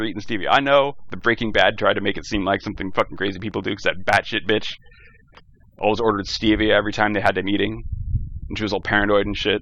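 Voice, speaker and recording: A man's voice: lowish voice, quick pace, pushed and bright, slight background noise. A young man hosting a solo podcast, ranting in a profane, rambling, jokey way, recorded on a cheap gaming headset. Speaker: podcast host. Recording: dull lo-fi headset audio.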